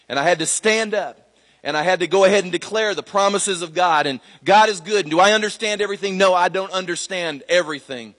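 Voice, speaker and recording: Pastor telling a personal story in a reverberant hall. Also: male voice, high-pitched, fairly bright tone. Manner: conversational storytelling with many fillers and restarts. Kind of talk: sermon testimony.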